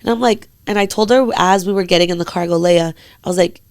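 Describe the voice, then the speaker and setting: A young woman co-hosting a podcast, telling a long story in a casual, animated way, swearing freely and acting out what other people said. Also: fairly low pitch, quick pace, clean tone, no room sound, clean studio sound. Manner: animated, swears freely, acts out quoted voices. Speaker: podcast co-host.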